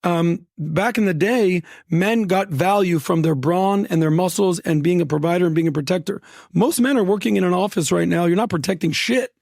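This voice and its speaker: A man's voice: sits high, normal speed, gravelly, a little mellow, no echo, clean studio sound. A man speaking as a podcast guest, blunt and sarcastic as he gives his opinions. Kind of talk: opinionated talk.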